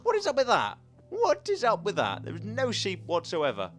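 A young man commenting as he plays a video game, chatty and excitable, talking to the animals in the game. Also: high-pitched, normal speed, faint music behind. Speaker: gaming commentator. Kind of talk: playing a game with live commentary.

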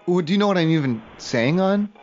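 A man's voice: sits high, animated, fairly quick, a little mellow, soft background music. A man making a prank phone call, whiny, emotional and easily offended. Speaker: prank caller.

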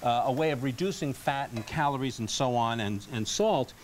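A man's voice: medium pitch, normal speed, slight background noise, low-quality recording. A man hosting a TV cooking demonstration in a studio kitchen, explaining each step in a folksy way. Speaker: TV cooking show host.

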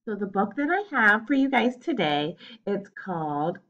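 A woman teacher talking to her young students on video, encouraging and animated. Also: medium pitch, normal speed, highs cut off. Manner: encouraging, animated classroom talk. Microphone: home camera.

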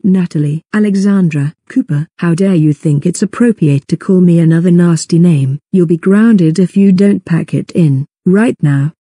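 A woman's voice: on the low side, moderate pace, few pauses, warm tone, husky, no room sound, clean studio sound. A woman voicing a strict cartoon mother who scolds sternly.

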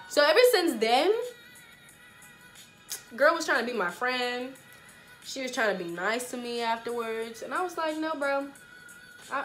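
A woman's voice: a little high, fairly bright tone. A young woman vlogger telling a story casually and animatedly, with lots of slang, talking straight to her viewers.

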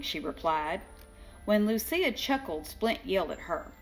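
An older woman reading a children's storybook aloud, slow and expressive, giving the characters their own voices. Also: medium pitch, faint music behind. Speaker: children's book reader.

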